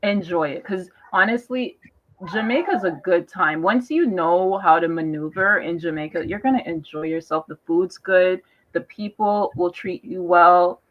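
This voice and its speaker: A Canadian-born woman with a lowish, fairly bright voice speaks at normal speed in a casual group discussion on a live panel. She talks emphatically, uses lots of fillers, and cuts in over others, all captured in dull lo-fi live-stream audio.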